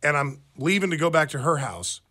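A man's voice: fairly high pitch, big pitch swings, fairly quick, sharp tone. A man co-hosting a radio talk show, telling stories animatedly with plenty of fillers and restarts. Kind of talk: casual talk radio banter.

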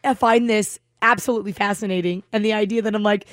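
A woman co-hosting a morning radio show, chatting casually, laughing often and telling things in an animated way. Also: mid-range voice, fast, no room sound, clean studio sound.

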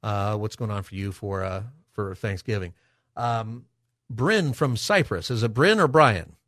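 A man hosting a Christian talk radio show, speaking in a relaxed, conversational way with many filler words. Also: fairly low pitch, measured pace, dry recording, studio quality. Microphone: studio microphone.

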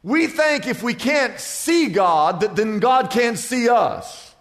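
A male pastor delivers a sermon, mixing scripture with jokes and stories and asking the crowd for amens. His voice sits high for a man. The sound carries a long hall reverb. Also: lively intonation, slow pace, a bit bright. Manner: humorous storytelling preacher, asks the congregation for amens.

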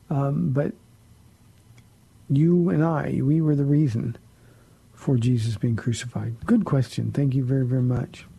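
A man's voice: mid-range voice, warm tone, slightly rough, no room sound, low-quality recording. A man pastor on a call-in radio show, answering listeners' Bible questions in an earnest, explaining way with many fillers.

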